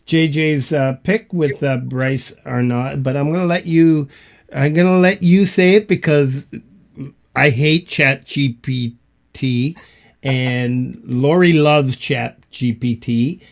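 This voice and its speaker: A man's voice: medium pitch, slow, gravelly. A man with a Canadian accent hosting a casual online panel chat, rambling with many fillers. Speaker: host.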